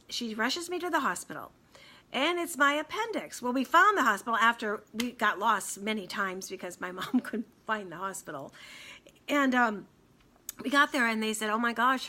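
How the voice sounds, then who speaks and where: A middle-aged woman who hosts radio tells a personal story casually and with animation, acting out the people she quotes and laughing often. Her pitch is fairly high.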